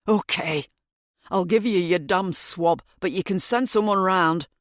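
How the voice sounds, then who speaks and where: A grudging middle-aged man under suspicion snaps short, blunt replies, as a woman reads him in an audiobook. The voice sits low with a dry, close sound. He gives ground only with ill grace. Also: unhurried, no room sound, close to an everyday voice. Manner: blunt and clipped.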